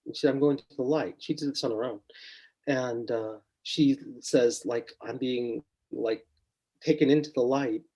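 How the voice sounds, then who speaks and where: Husky middle-aged man telling a story. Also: medium pitch, normal speed. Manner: animated, acts out quotes with rising intensity. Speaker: psychotherapist guest. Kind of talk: storytelling in a podcast interview.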